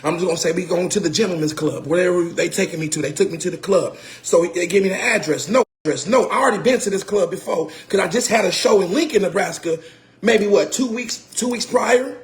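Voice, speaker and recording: A man telling a personal story casually, animated and repetitive, swearing and getting heated. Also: sits high, fast. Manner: animated, repeats phrases, swears, grows heated and shouts. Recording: roomy echo.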